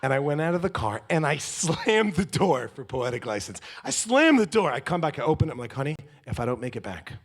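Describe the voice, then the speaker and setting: A man's voice: fairly high pitch, big pitch swings, fairly quick, hardly any pauses, breathy edge. A man from New York giving a comedic motivational talk, telling stories with jokes and acted-out quotes. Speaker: speaker.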